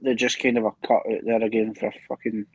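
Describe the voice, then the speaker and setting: A man's voice: on the low side, flat delivery, fast talker, husky, no echo, lo-fi sound. A man joining a livestream as a guest, chatting casually and swearing. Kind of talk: casual chat.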